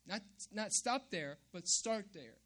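Emphatic high-voiced male preacher. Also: lively intonation, slow, a bit bright. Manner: emphatic, repeats key phrases with frequent "right?". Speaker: pastor. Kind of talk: sermon.

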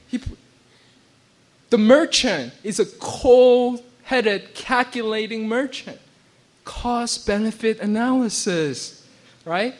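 A man with a high-set voice gives a sermon as a pastor. He talks conversationally, restarting phrases and checking in with his congregation. He now and then acts out quoted voices and laughs. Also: measured pace. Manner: conversational preaching with frequent restarts and "right?" check-ins.

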